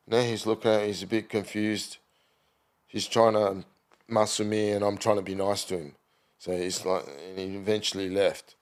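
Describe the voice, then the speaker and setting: A middle-aged man with an Australian accent and a fairly low voice rambles through stories as a podcast guest. He talks casually, full of ums, uhs and restarts, and he slips into the voices of people he is quoting. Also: little pitch movement, moderate pace. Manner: rambling anecdotal storytelling with many fillers. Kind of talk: casual chat.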